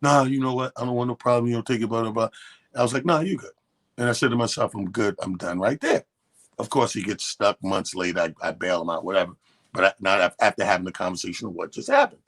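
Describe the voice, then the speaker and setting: Husky man telling a profane story. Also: fairly low pitch, fast. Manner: animated, profane, acts out both sides of quotes. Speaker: radio co-host. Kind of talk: casual storytelling chat. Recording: radio studio.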